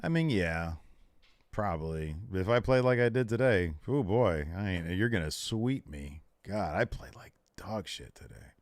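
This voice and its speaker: A man co-hosting a live podcast, bantering casually, loud and profane, jokingly berating the audience. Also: sits low, animated, measured pace, no echo. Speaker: podcast co-host.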